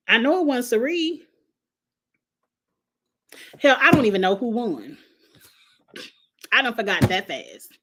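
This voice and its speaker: A woman's voice: a little high, sing-song, slow pace, pauses often, a bit bright. A woman, hosting a casual reality TV review, blunt and sassy, with frequent laughs and cursing. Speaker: host of a reality TV review show. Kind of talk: casual chat reading viewer comments.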